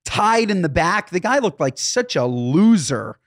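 Brief: male co-host, high lively voice, deadpan delivery. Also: a little slow. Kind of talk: casual comedic chat.

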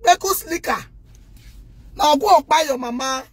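A woman with a Nigerian accent in an impassioned rant to the camera, scolding loudly and indignantly and addressing her viewers directly. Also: sits high, unhurried, dry recording.

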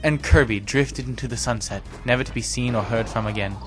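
A young man giving casual, self-deprecating gameplay commentary, breaking into sudden excited yelps. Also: mid-range voice, brisk, faint music behind. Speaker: let's play commentator.

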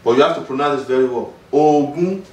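A man with a Nigerian accent teaching Yoruba, slowly drilling words and repeating them for a student. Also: medium pitch. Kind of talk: patient classroom teaching. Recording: roomy sound, mic far off.

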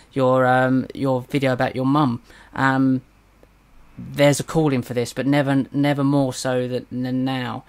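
A British man hosting an interview, asking questions hesitantly with frequent restarts. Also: mid-range voice. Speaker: podcast host.

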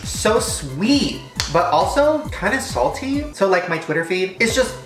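A man's voice: sits high, sing-song, measured pace, a bit bright, reverberant, soft background music. A man rambling crudely and swearing through a comedic food-tasting vlog. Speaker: vlogger.

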